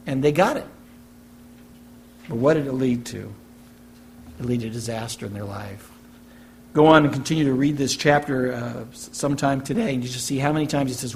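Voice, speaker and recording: A man's voice: mid-range voice, fairly quick, vocal fry, pauses often, a little mellow, slight background noise. Emphatic preaching pastor, man. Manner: emphatic preaching with repeated phrases and rhetorical questions. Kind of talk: sermon. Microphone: church recording for online message.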